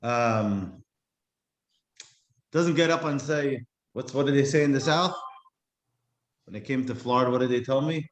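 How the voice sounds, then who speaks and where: A man teaching a class, reflective and slowing to stress key words. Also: medium pitch, echoey room. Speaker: Jewish teacher. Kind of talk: explanatory class talk.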